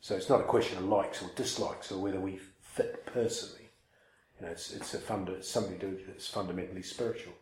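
A man tells a personal story in a loose, rambling way and pokes fun at himself as he goes. His voice sits low. The room around him is echoey. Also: steady tone, fast talker, darkish tone. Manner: rambling, self-mocking, many fillers and restarts. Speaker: speaker telling a personal story to listeners. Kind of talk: casual storytelling talk.

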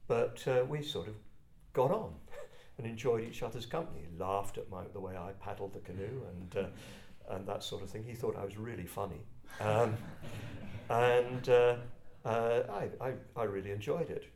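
An older English man from Kent telling personal stories to a group in a reflective, halting, self-deprecating way. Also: lowish voice, darkish tone, a little hiss or hum. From England, Kent. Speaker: speaker addressing a group. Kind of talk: personal storytelling talk. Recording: roomy echo.

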